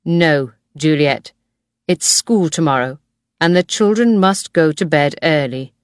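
A woman's voice: sits low, unhurried, clean tone, dry recording, studio quality. A woman voicing a stern, difficult father in a storybook reading. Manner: curt and stern.

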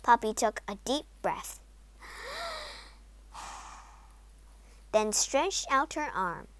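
A woman reading a children's storybook aloud in an expressive, lively way, voicing all the characters herself. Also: fairly high pitch, drawn-out words, no echo. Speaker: storybook narrator. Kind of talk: storybook read-aloud narration.

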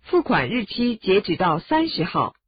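A woman reading short prompts for a language lesson in a scripted, expressive way. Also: mid-range voice, moderate pace, husky. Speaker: lesson narrator giving Chinese prompts. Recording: dull, dry lo-fi studio recording.

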